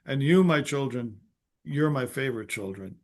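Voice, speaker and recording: A man's voice: mid-range voice, animated, moderate pace, close to an everyday voice. A man voicing God as a loving, generous creator who hands out the world. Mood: declaiming.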